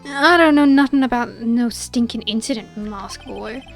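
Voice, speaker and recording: A woman voicing a gruff, hot-headed male tough guy with a put-on Brooklyn drawl, loud and bullying. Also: fairly high pitch, moderate pace, soft background music, close to an everyday voice. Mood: scornful.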